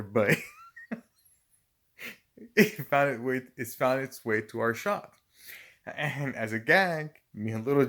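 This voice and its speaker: A middle-aged man casually telling work stories, swearing constantly and often breaking into laughter. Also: lowish voice. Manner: profane, laughing often, animated retelling. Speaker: storyteller. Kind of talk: casual storytelling.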